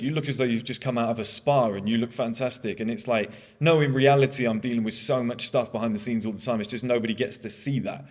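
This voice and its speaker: A man's voice: medium pitch, big-room sound. A man in his thirties giving a candid motivational monologue, blunt and swearing freely. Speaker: motivational speaker.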